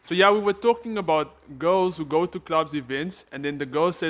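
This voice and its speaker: A man's voice: fairly high pitch, fairly quick, hardly any pauses, fairly bright tone. A South African man co-hosting a podcast, rambling and joking in casual chat. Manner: jokey, rambling. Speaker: podcast co-host.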